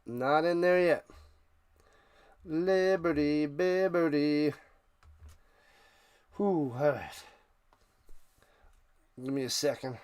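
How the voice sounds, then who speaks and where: Guy doing play-by-play on his stream, highish smooth voice, gets hyped and yells on big plays. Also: extremely slow, pauses often. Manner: excitable, bursts into shouted calls. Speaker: live stream host. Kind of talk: casual play-by-play commentary.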